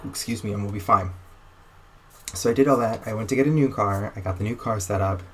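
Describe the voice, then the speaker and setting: A young man with a slightly low voice tells a long personal story in easy, conversational talk. He is wry and animated, and he acts out what other people said to him. A faint hiss sits under the recording. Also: quick pace. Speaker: guest telling a personal story.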